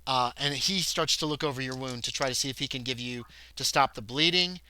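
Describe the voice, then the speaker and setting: A man running a tabletop horror game as game master, chatty and loose, now and then shouting out quick character lines. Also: medium pitch. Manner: chatty, breaks into loud shouted character voices.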